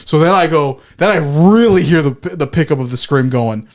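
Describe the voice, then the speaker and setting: A man's voice: fairly high pitch, animated, moderate pace, few pauses. Podcast guy rambling through a story, keeps restarting, swears a lot, plays out his own reactions. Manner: rambling, self-correcting, swears freely; acts out his own reactions in quoted asides. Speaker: podcast co-host. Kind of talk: casual storytelling chat.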